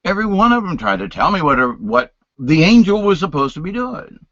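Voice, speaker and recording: Man recounting a personal story, emotional with a lively, swinging pitch, on a dull, dry recording. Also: fairly quick, dry recording. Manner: emotional and animated, jumps between loud and hushed. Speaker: video host telling a personal story.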